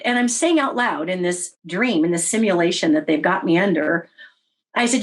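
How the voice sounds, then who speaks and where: A middle-aged woman telling her own story in a casual interview, wry and animated, often voicing her own past remarks. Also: mid-range voice, moderate pace. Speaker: interview guest recounting experiences.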